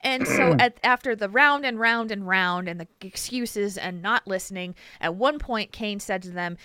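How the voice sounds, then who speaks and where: A woman hosting a podcast, telling a story in an animated, emphatic way and laughing often. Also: mid-range voice, normal speed, hardly any pauses, clear, resonant tone, dry recording. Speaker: podcast host. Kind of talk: casual chat, storytelling.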